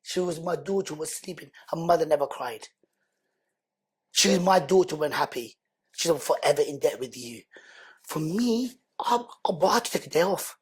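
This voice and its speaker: Husky man telling his story. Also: on the high side, moderate pace. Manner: animated, slangy, repeats words for emphasis. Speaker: podcast guest. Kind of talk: emotional personal storytelling.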